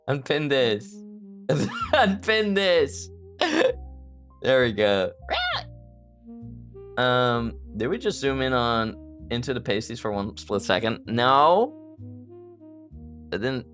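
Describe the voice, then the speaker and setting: A woman streamer chatting casually on a live stream, playful and giggly, protesting in flustered bursts. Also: extremely low pitch.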